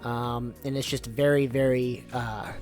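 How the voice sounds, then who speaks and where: A man's voice: medium pitch, flat delivery, unhurried, darkish tone, soft background music. A man giving a loose, rambling spoken summary of a story, full of fillers and swearing. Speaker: YouTuber summarizing light novels.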